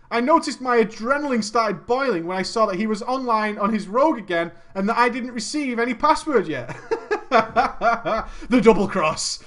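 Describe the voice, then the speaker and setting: A man's voice: high voice, fairly bright tone. A man reading a gaming story aloud and riffing on it with comic commentary, laughing often and swearing freely.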